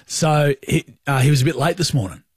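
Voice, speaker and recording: A man with an Australian accent co-hosting a radio show, telling a story in animated, colloquial banter. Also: a little high, fairly quick, breathy edge, no echo, studio quality. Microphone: studio microphone.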